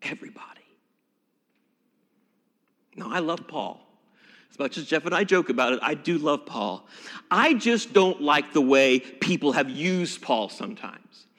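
Male pastor, sermon, high lively voice, bright tone, long church reverb. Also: moderate pace. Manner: expressive, emphatic preaching with dramatic drops to a hush.

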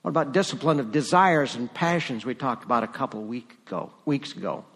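A man's voice: medium pitch, expressive, fairly quick, fairly bright tone, long reverb tail. A man preaching a sermon as pastor, conversational and rising to emphatic moments.

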